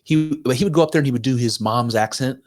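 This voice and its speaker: A man co-hosting a podcast, telling stories in rambling, animated casual chat. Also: mid-range voice, quick pace. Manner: rambling, animated storytelling with laughs. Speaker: podcast co-host.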